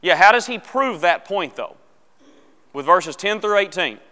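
A man leads a church Bible class in a smooth, fairly high voice. He reads scripture aloud and jokes casually with the class. His voice carries a long reverb from a church hall. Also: animated, measured pace, bright, forceful tone. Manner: casual, joking, asks the class questions.

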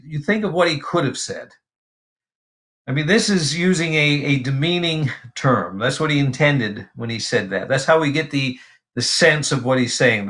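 A male pastor with a slightly high voice teaches from the Bible in a relaxed, conversational style. He reads verses aloud and pauses often, his speech halting with many fillers and restarts.

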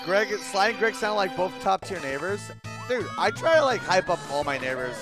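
A man with a high-pitched voice chats casually as he streams a game, telling stories in an animated, swear-heavy way. Game music plays clearly underneath him. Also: moderate pace. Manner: animated, profane storytelling. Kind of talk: casual chat while streaming gameplay.

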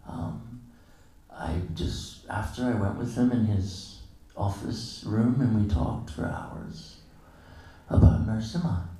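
A man's voice: on the low side, slow, mellow. A man giving a casual, anecdotal morning lecture at a temple, acting out the dialogue of his stories with chuckles. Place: temple hall. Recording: very echoey hall, distant mic.

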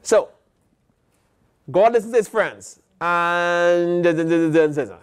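A man's voice: sits high, takes it slowly, clear, resonant tone. A man with an American accent, a pastor preaching a sermon and acting out the voices of God and the prophets.

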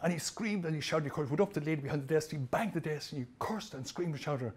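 A man giving a lively motivational presentation to trainees, telling stories with humor. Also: a little high, quick pace, slightly rough. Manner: animated, storytelling, jokey. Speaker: motivational speaker.

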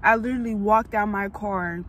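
A woman's voice: medium pitch, fairly even intonation, moderate pace, fairly bright tone, a little hiss or hum. Tearful, rambling young woman in a car. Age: 20s. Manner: rambling, emotional, blunt and profane. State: tearful, crying on and off. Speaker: vlogger. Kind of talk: casual vlog monologue. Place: inside a parked car.

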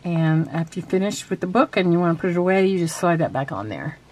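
Woman craft vlogger, chatty and halting, reading out a quiz. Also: lowish voice, lively intonation, a little mellow. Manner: chatty, with frequent fillers and restarts; reads quiz questions aloud. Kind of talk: casual show-and-tell and quiz.

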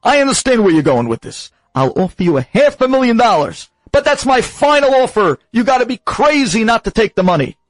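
A man's voice: extremely high pitch, very animated, brisk, few pauses, no room sound, soft background music, voice pushed up. A man voicing a stubborn, wealthy miser who haggles insistently and repeats himself. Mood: pushy.

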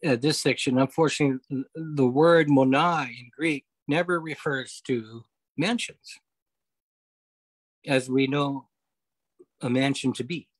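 A man leading a Bible study over a video call, explaining scripture step by step, often pausing on okay and uh. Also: medium pitch, dry recording, poor audio. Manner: explanatory, repeats key points, frequent okay and uh. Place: home, online meeting.

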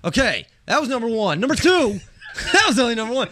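A man co-hosting a casual podcast, telling ranting stories and shouting out his own quoted complaints. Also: very high-pitched, brisk, no echo. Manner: animated ranter, shouting when acting out his own quotes. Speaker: podcast co-host. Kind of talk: casual chat, ranting storytelling.

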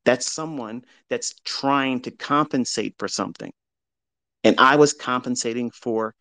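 His mid-range voice has a fairly bright tone and no room sound. A middle-aged man mentoring traders, he gives a candid, profane motivational talk, blending heavy emphasis with confessional reflection.

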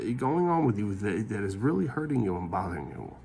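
A man's voice: on the low side, very animated, fast, creaky, dark tone, a little hiss or hum. A middle-aged man vlogging a frustrated, rambling rant to the camera, repeating himself and swearing, recorded on a phone. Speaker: family vlogger.

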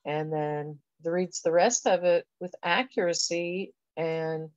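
A woman's voice: fairly low pitch, steady tone, takes it slowly, dry recording, highs cut off. A woman education professor giving a conversational recorded lecture, explaining things step by step with frequent fillers. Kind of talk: recorded lecture walking through a reading assessment.

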